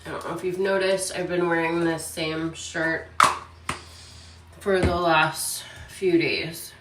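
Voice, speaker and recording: A woman vlogging casually about her days, tired and out of breath, speaking softly. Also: lowish voice, fairly even intonation, reverberant, distant mic, music in the background. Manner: weary, speaking softly and slowly. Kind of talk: casual personal vlog. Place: hospital room, then home.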